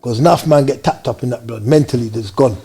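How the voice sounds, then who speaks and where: A man from Jamaica, telling his story as an interview guest in fast, animated street slang. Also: medium pitch, gravelly, breathy edge.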